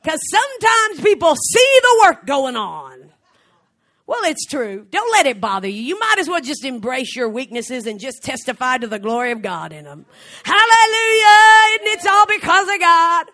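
A middle-aged woman preaching a fervent sermon, swinging from soft, slow passages to shouted exclamations and frequent laughter. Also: high-pitched, sing-song. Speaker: traveling preacher.

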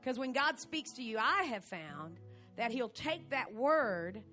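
A woman's voice: on the high side, very animated, measured pace, sharp tone, soft background music. A woman preaching in a church service, trading jokes with a co-preacher and calling out praises. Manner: exclamatory, praising, jokey. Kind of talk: lively preaching with banter.

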